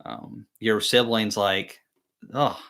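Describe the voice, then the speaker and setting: Young male host, low voice, easygoing storyteller who rambles and restarts, self-deprecating humor. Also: normal speed, a bit bright. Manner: rambling, chatty storytelling with many fillers and restarts. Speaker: beekeeping channel host. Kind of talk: casual live-stream chat.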